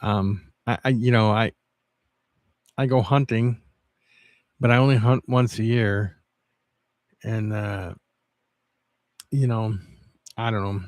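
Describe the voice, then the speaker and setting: A man livestreaming, chatting casually with viewers in a rambling, halting way with many restarts. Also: fairly low pitch, steady tone, darkish tone, no echo.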